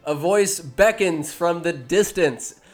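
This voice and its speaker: A man's voice: a little high, takes it slowly, over music. A man giving a rambling comic movie recap, full of jokey asides and self-interruptions.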